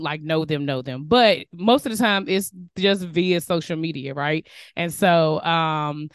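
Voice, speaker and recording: A woman hosting a podcast, chatting casually and animated, laughing easily and using slang. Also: low-pitched, clean tone, no echo, clean studio sound. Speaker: podcast host. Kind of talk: casual interview chat.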